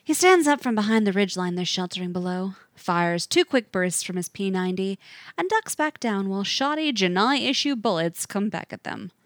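A woman narrating a fiction story aloud with an expressive, varied delivery. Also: medium pitch, normal speed, no room sound, clean studio sound.

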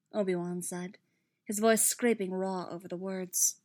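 A woman narrating a story aloud in an even storytelling manner. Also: fairly low pitch, unhurried. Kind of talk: fan fiction read aloud.

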